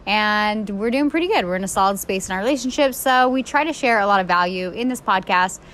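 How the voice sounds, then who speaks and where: A woman in her thirties co-hosting a podcast, telling a story in a chatty, animated way full of "like". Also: mid-range voice, fairly quick, slight background noise. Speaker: podcast co-host. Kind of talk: casual storytelling chat.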